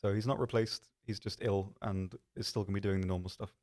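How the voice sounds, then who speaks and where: A man's voice: fairly low pitch, steady tone, brisk, a little mellow. A man hosting a live stream, chatting casually in a rambling, self-deprecating way with lots of ums. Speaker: stream host.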